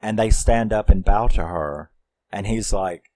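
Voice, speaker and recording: A man's voice: lowish voice, a little slow, warm tone, rough recording. A man reviewing a film, recapping the plot in a rambling, casual way with lots of fillers and some swearing.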